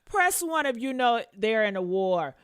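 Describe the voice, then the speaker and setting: A sassy woman hosting a celebrity gossip vlog, her voice sitting a little high and swinging widely as she talks. She is blunt, swears freely and keeps calling her listeners honey while reading out comments. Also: big pitch swings, measured pace. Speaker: host of a gossip commentary show. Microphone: camera mic with headphones on.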